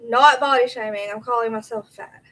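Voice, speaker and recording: High-voiced woman chatting on a livestream. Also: fairly even intonation, normal speed, background noise. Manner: chatty, reacts to chat aloud. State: out of breath. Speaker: livestream host. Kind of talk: casual livestream chat, reading comments.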